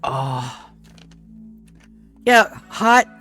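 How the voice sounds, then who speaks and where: A woman's voice: rumbling low, big pitch swings, extremely slow, fairly bright tone, soft background music. A woman streamer in casual live-stream chat, groggy with her morning voice, rambling, swearing freely and chatting to her cat. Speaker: game streamer.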